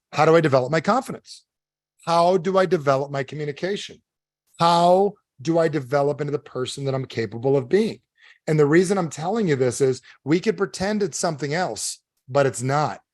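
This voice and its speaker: A man with a somewhat high voice giving a live motivational seminar talk. He speaks emphatically and animatedly and keeps checking in with his listeners through questions. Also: normal speed, no room sound, clean studio sound. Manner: animated, keeps quizzing the audience; emphatic, storytelling.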